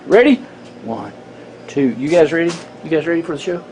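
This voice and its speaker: A man's voice: a little high, sing-song, brisk, darkish tone, slight background noise. A man hosting a fishing show, touring a bait shop and exclaiming over everything. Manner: enthusiastic, exclaiming. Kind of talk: excited walkthrough banter.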